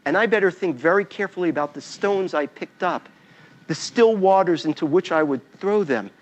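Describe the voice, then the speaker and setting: A man's voice: high voice, fairly quick, muffled recording. A man giving a talk as a storyteller, acting out scenes and sounds as he goes. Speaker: invited speaker.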